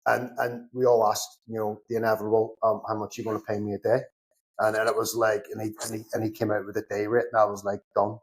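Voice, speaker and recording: A man's voice: fairly low pitch, fast talker, a little hiss or hum. A middle-aged man with a Belfast accent tells his stories in loose, casual podcast chat. He acts out both voices in each exchange he recalls and swears without much thought. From Northern Ireland. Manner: animated anecdotes, acts out both sides of conversations, swears casually. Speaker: podcast guest, security consultant.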